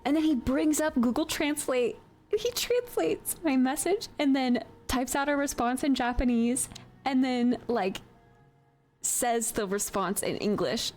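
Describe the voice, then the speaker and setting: A woman's voice: fairly high pitch, animated, a little slow, darkish tone, a little hiss or hum. A woman streamer chatting casually and giggling often while she works on a 3D model. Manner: chatty and giggly, with many fillers.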